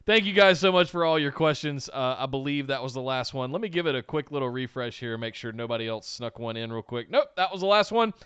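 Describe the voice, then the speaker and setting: A man's voice: mid-range voice, animated, fast, few pauses, fairly bright tone, smooth, dry recording, lo-fi sound. A man hosting a casual wrestling podcast, laid-back with dry humor. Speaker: podcast host.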